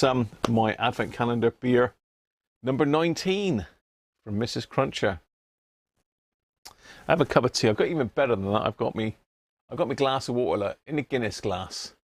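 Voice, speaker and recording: A man hosting a casual live stream, chatting with viewers and reading labels aloud with little chuckles. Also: mid-range voice. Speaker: livestream host.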